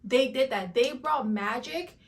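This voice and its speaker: A woman reviewing a cartoon reboot in an animated rant, dramatic and emphatic, repeating lines for effect. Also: high voice, a little slow, gravelly. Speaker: YouTube reviewer.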